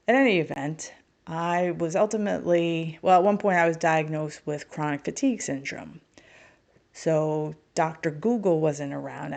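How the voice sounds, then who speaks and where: A middle-aged woman with a low-sitting, slightly mellow voice and some vocal fry tells a personal story. She's a spiritual healer appearing as a podcast guest, candid and wry, with self-mocking humor.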